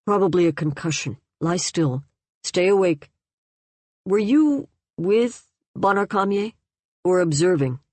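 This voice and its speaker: A woman reading aloud, voicing a calm, dazed man who reassures the others. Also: lowish voice, measured pace, no echo.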